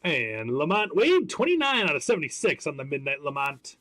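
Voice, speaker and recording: A man with a fairly high, bright, forceful voice and big pitch swings hosts a live card break stream at a fairly quick pace. Chatty, he greets viewers by name while calling out each card he pulls.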